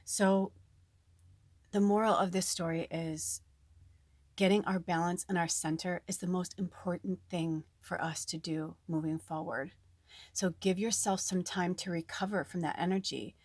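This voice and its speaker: A woman giving a casual spiritual reading to her viewers, chatty and animated, swearing now and then. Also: on the low side, normal speed, dry recording. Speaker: spiritual reader.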